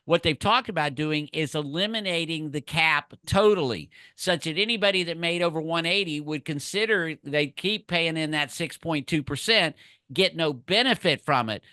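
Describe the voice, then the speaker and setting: Male panelist, bright, dry close sound, folksy arguer. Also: a little high, moderate pace, smooth, no room sound. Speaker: podcast panelist. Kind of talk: casual panel discussion.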